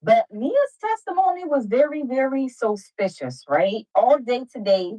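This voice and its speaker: A woman hosting a casual livestream, animated and laughing often as she talks to her viewers. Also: on the high side, a little slow. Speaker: livestream host.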